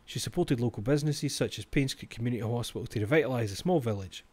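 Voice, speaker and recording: Streaming the same kind of mystery game, this young man from Scotland talks quickly in a medium-pitched, darkish voice with a breathy edge. He reads the game's text out loud, cracks jokes and swears without holding back.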